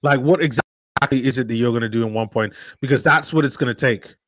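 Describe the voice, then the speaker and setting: A man giving live play-by-play commentary as a fan on a watch-along stream, sighing in disbelief and getting loud when his team scores. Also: mid-range voice, quick pace, no room sound. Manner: excitable fan, swings from sighing disbelief to shouting.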